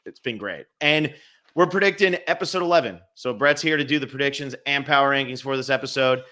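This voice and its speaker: Chatty podcast host, bright tone. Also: male voice, mid-range voice, brisk. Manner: conversational, explains at length. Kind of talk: casual podcast chat.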